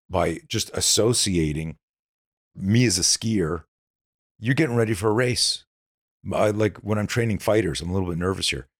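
Very deep husky-voiced man telling stories. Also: no echo, studio quality. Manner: animated storyteller acting out dialogue. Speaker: podcast guest, self-defense instructor. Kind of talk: casual interview talk.

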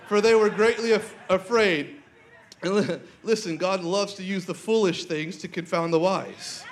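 A man's voice: high voice, moderate pace. A man preaching a sermon, telling a personal story with lots of energy, laughing often and calling out to the congregation.

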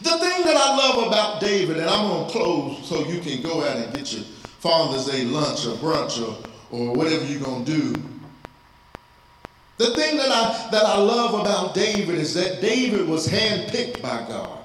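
High-voiced pastor preaching in an echoey church. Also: male voice, sing-song, normal speed, a bit bright. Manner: preaching, rising to cries in prayer. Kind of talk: sermon. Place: church sanctuary. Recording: very echoey church hall, faint noise.

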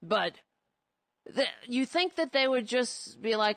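A woman's voice: a little high, lively intonation, takes it slowly, no room sound. A woman giving casual political commentary, indignant and sarcastic, rambling with frequent restarts. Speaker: commentary host.

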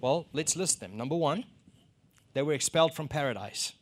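A middle-aged man from South Africa preaching a sermon, telling a personal story and acting out the exchanges he describes, rising to loud emphasis. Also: fairly high pitch, expressive, moderate pace.

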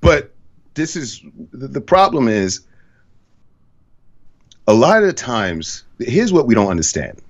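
A man's voice: mid-range voice, sing-song, measured pace, pauses often, highs cut off. A man hosting a podcast, talking bluntly and profanely in casual conversation. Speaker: podcast host.

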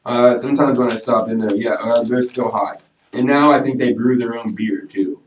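A man's voice: mid-range voice, steady tone, moderate pace. Candid, joking male podcast guest. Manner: candid, joking, self-mocking. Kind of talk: casual podcast chat. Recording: roomy, mic at a distance.

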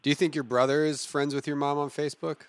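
A man's voice: on the high side, level tone, fast talker, no room sound. A man riffing and reacting in casual podcast chat. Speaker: podcast co-host.

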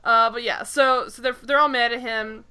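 Woman podcast co-host, bright and fairly high voice, animated and exasperated. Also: normal speed, smooth. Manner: animated, laughing, exasperated retelling. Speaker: podcast co-host recapping a sitcom. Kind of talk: casual chat.

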